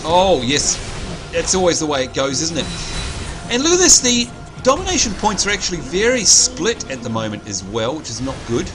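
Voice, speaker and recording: A man, co-hosting a live game stream and chatting excitedly to viewers. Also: fairly high pitch, normal speed. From New Zealand. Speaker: livestream co-host. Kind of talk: live gaming commentary. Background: game music.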